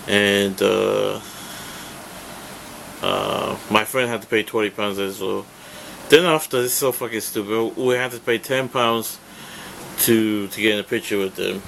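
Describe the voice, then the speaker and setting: A man's voice: lowish voice, fairly even intonation, unhurried, gravelly, pauses often, a bit bright, slight background noise. A man rambling through a casual vlog, full of fillers and restarts, swearing when annoyed. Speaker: vlogger.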